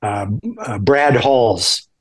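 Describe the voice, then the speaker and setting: Halting male actor guest, mid-pitched. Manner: halting, many restarts and fillers. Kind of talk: casual interview chat.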